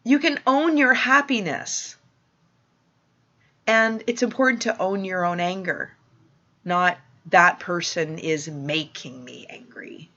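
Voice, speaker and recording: A woman giving a spiritual teaching talk to listeners, speaking in a slow, soothing, affirming way. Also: lowish voice, pushed and bright. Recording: dull lo-fi recording.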